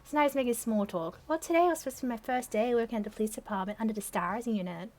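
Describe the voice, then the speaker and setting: A young woman with a fairly high but darkish voice reads her teenage fan fiction at a quick pace for her channel. She pokes fun at it through sarcastic, self-deprecating asides, laughing frequently.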